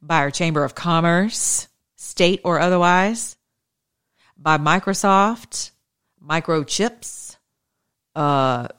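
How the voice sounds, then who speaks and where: A show host delivers a fervent call to action that blends politics with scripture, in a mid-pitched voice. The host drives each point home through emphatic repetition and a preacher's cadence. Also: takes it slowly, long pauses, a bit bright, clear, resonant tone.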